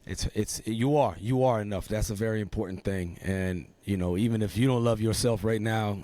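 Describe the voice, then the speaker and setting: A male podcast host talks things through in a thoughtful, reflective way. He is encouraging toward his guest. His voice sits somewhat low. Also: normal speed, mellow. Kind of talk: reflective conversation.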